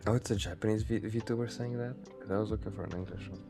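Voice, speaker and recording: A young man with a very deep voice chats eagerly about new releases, peppering his talk with "like". Quiet music plays faintly in the background. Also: steady tone, fast. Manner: chatty anime fan, says "like" a lot. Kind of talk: casual chat.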